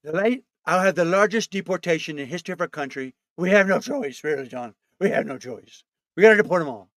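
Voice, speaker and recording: A pompous, rambling old politician , as a comedian puts him on, who brags about himself and complains that nobody has it worse. The voice sits a little high and is recorded dry and close. The delivery keeps circling back to the same boasts. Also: male voice, animated, fast, no room sound. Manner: bragging, rambling, self-pitying. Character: boastful blustering older male politician. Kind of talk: comic impression.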